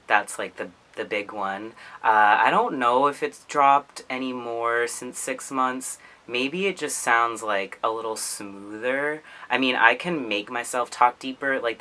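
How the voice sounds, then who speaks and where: A man's voice: mid-range voice, bright, forceful tone, rough recording. A man talking casually to camera in a vlog. He is chatty, fills his talk with "like" and laughs often. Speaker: vlogger.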